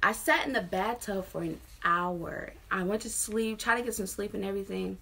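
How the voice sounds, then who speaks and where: A woman's voice: medium pitch, moderate pace, gravelly, pushed and bright. A woman in her twenties from Maryland, telling a personal story casually and frankly, with lots of fillers. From Maryland, USA. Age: 20s. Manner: frank, chatty retelling with many fillers. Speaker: vlogger.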